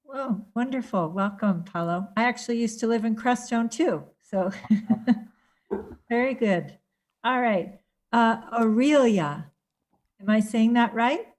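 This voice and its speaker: Slow-speaking woman moderating a video call. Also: fairly high pitch, animated. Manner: friendly, calls on each participant by name. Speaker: discussion moderator. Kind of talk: casual group video call.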